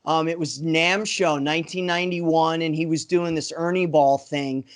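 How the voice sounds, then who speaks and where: A man's voice: fairly high pitch, steady tone, moderate pace. A man in his fifties, a guest musician on a podcast, telling enthusiastic, rambling anecdotes full of "you know". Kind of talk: casual podcast storytelling.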